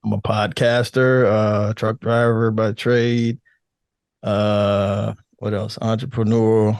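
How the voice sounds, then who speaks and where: An older man with a deep, calm radio voice, chatting casually as a podcast guest, relaxed and laughing, with halting restarts. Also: no echo, clean studio sound. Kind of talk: casual interview chat.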